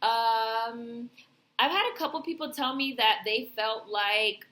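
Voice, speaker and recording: Woman vlogger chatting about a movie, bright sharp voice, lots of likes and cussing. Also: a little high, takes it slowly. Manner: rambling, filler-heavy, profane, emphatic. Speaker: vlogger reviewing films. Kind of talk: casual spoken film review.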